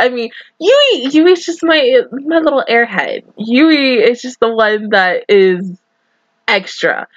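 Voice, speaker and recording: A woman's voice: on the high side, lively intonation, slow, no room sound, dull audio. Giggly young woman gushing over anime. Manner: gushing, giggly, lots of "like" and "oh my god". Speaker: anime reaction host. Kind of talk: excited casual reaction commentary.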